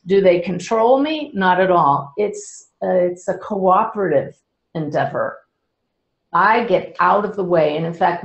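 A calm, earnest older woman explaining things to an audience in a slightly low, conversational voice. Her speech carries the echo of a roomy indoor space. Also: gravelly. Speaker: spiritual medium. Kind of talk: explanatory talk to a live audience. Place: indoor event room with an audience.

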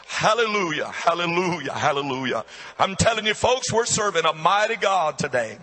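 A man's voice: a little high, lively intonation, moderate pace, pushed and bright, husky. A man preaching a camp meeting sermon in a large meeting building, fervent and repeating hallelujah. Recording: long hall reverb.

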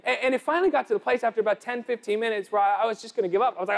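High-voiced young preacher. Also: male voice, very fast, gravelly. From United States. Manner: energetic storytelling, rising to emphatic preaching. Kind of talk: sermon.

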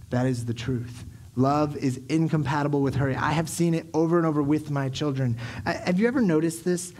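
A man in his thirties preaches from a church stage with a slightly high voice. He tells family stories animatedly, playing out his kids' lines and his own exasperation. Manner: animated storytelling, acting out his kids and himself. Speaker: pastor. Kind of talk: sermon. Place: church sanctuary.

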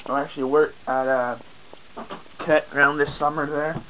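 A man's voice: a little high, level tone, normal speed, muffled recording, a little hiss or hum. Rambling man with an Acadian French accent. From Acadian, New Brunswick. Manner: rambling, self-mocking, swears casually. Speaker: vlogger. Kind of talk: casual outdoor vlog. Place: outdoors on a farm, rainy day.

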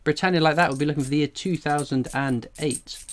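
A fast-talking English man with a voice on the high side hosts a casual coin-collecting livestream. Buzzing from strong coffee, he reads chat messages out loud and rambles jokingly.

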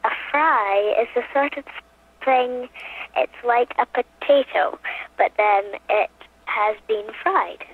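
A woman's voice: on the high side, slow. A woman calling in to a radio show by phone, talking in a hesitant, giggly way. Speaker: guest on the phone. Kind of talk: casual phone interview. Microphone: telephone. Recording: tinny phone line.

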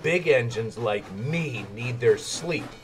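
A man's voice: medium pitch, expressive, slow. A man voicing a big, sleepy male engine who teases a smaller one, in a storybook reading. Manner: drowsy, sly.

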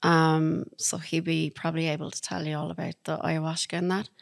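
A woman's voice: sits low, fairly quick, gravelly, no echo, studio quality. Chatty Irish woman telling stories. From Ireland. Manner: chatty and animated, laughing through anecdotes. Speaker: podcast guest. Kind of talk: casual storytelling.

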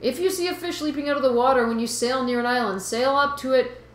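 A woman's voice: high voice, fast, roomy sound, pitched above the performer's own voice, lightly acted. Woman doing a brash fish with Boston twang. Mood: pushy, teasing. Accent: put-on Boston. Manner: reading game dialogue aloud. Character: brash talking male fish, pushy know-it-all.

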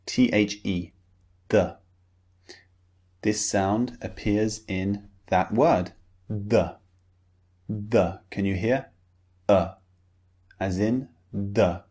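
A man with a British accent giving a recorded pronunciation lecture, saying model words slowly and repeating them for learners to copy. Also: fairly low pitch, darkish tone. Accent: British English. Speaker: pronunciation teacher.

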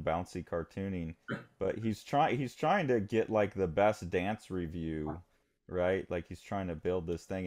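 Male podcast co-host, very deep voice, eager casual talk that slips into character lines. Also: darkish tone. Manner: enthusiastic, acts out characters' lines in quick bursts. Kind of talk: casual chat.

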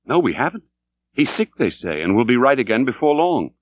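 Young sailor, wary and plain-spoken, mid pitch, lively, read by the male narrator. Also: brisk, no room sound. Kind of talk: audiobook character reading. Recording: dull dry recording.

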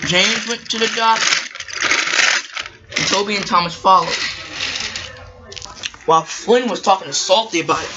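A woman's voice: medium pitch, moderate pace, pauses often, muffled recording, background noise. A woman narrating a toy-train story in a casual, rambling way, often correcting herself.

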